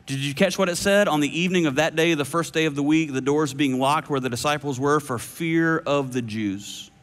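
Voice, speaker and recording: A man preaching a sermon as pastor, earnest and dramatic, slowing for emphasis and going soft on quoted words. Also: a little high. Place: church auditorium. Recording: long hall reverb.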